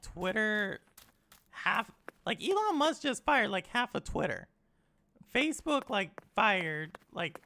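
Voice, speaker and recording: Chatty woman streamer, gravelly and lively. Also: fairly low pitch, slight background noise. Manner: chatty, rambling, lots of "like", teasing chat. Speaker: gaming streamer. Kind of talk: casual gameplay chat.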